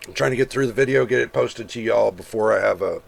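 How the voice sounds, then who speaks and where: Male channel host, very gravelly voice, casual price read-through with viewer asides. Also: lowish voice, fast talker. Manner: reads prices aloud, chatty asides to viewers. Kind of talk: casual screen-share commentary.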